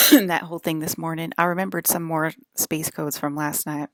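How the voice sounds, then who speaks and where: A woman talking casually to her viewers in a loose, rambling monologue, with a drawl and pauses to cough. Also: sits low, fairly even intonation, a bit bright, dry recording, studio quality. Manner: rambling, drawling, uses y'all and fixing to. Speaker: vlogger.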